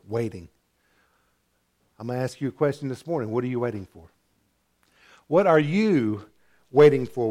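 A man preaching a sermon as pastor, retelling a parable with animated storytelling and acted-out voices. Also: mid-range voice. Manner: animated storytelling, acting out characters.

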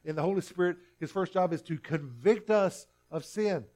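A man's voice: high voice, normal speed, darkish tone. A male pastor preaching a sermon earnestly, often restarting and repeating himself.

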